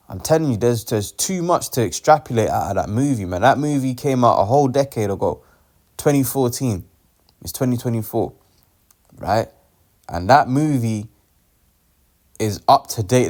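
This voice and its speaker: A man's voice: medium pitch, darkish tone. A young man giving an informal, slangy Bible teaching, tagging his sentences with "man". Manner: slangy, streetwise, peppers talk with "man".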